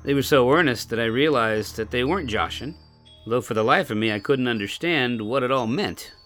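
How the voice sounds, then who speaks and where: A man reading an old-fashioned first-person story aloud with expressive storytelling. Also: medium pitch, a little fast, soft background music.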